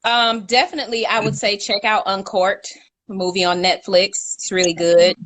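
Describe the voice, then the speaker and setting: A woman's voice: medium pitch, fairly even intonation, normal speed, fairly bright tone, no echo. A young woman co-hosting a casual live chat, talkative and laughing, reading out viewer comments. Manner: chatty, laughs often, reads out viewer comments. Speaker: co-host.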